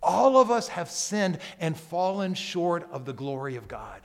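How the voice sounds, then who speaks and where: Slow-preaching man in a reverberant church. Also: a little high, big pitch swings, vocal fry. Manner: slow, emphatic preaching, dropping to near-whispers and rising to loud calls. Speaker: pastor. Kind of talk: sermon. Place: church sanctuary. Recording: long hall reverb.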